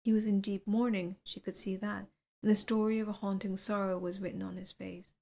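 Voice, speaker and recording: A woman reading a literary novel aloud as an audiobook narrator, in a measured, even storytelling delivery. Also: mid-range voice, creaky. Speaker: audiobook reader.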